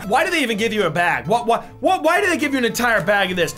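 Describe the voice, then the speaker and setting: A man's voice: high voice, very animated, quick pace, few pauses, pushed and bright, faint music behind. A young man doing a ghost pepper chip challenge while playing a guessing game, coughing, eyes watering, yelping and pleading in a frantic, self-mocking way. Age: young adult. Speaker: YouTuber.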